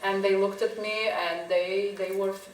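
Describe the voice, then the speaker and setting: A woman's voice: mid-range voice, level tone, normal speed. Woman, photographer at a gallery Q&A; easy storytelling manner; distant mic in a reverberant room. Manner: chatty storytelling, frequent laughs and "you know". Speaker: photographer answering audience questions. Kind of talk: gallery Q&A talk. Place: gallery talk in front of an audience. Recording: echoey room, voice from a distance, faint hiss.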